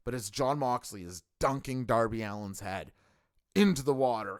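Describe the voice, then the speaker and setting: A man's voice: mid-range voice, animated, moderate pace, no echo, clean studio sound. A middle-aged man hosting a live stream, reviewing a show in an enthusiastic, rambling way with lots of fillers and restarts. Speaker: wrestling stream host.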